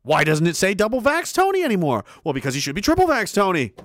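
A man ranting on a livestream, voice high and swinging wildly up and down. His tone is sharp and biting, and he swears freely and hammers his points home. The sound is close and dry. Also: huge pitch swings, fast talker, no room sound. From Canada. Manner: profane, forceful, repetitive. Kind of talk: heated monologue rant on stream.

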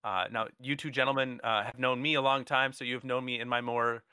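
A man's voice: medium pitch, steady tone, fairly quick, pushed and bright, clean tone, no echo, studio quality. A man co-hosting a podcast, chatting casually and rambling with plenty of fillers as he reflects. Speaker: podcast co-host. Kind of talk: casual chat.

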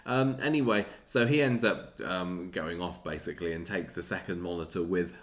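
A man's voice: low voice, moderate pace. A man, casually recapping a soap episode as podcast co-host, chatty and rambling with many restarts. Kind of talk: casual chat.

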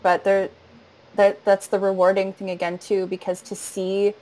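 A woman's voice: medium pitch, completely flat delivery, normal speed, poor audio. A woman talking in a casual interview about teaching voice. She speaks earnestly, often laughs, and is easy to follow. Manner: warm, earnest, laughs often, demonstrates voice registers. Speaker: voice and singing teacher, audiobook narrator.

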